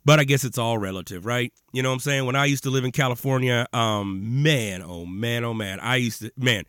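A man's voice: medium pitch, fairly quick, a bit bright, clean tone, dry recording, clean studio sound. A man hosting a podcast in a laid-back, slangy chat, often laughing as he talks. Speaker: podcast host.

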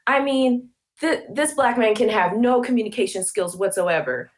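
A woman's voice: a little high, expressive, moderate pace. A woman speaking as a podcast guest, passionate and emphatic, building her points with rhetorical questions. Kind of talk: conversational interview.

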